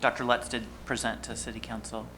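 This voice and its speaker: A man's voice: medium pitch, little pitch movement, fairly quick. A man, a board member, adding informal comments at a public board meeting with frequent ums. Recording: meeting recording with background noise.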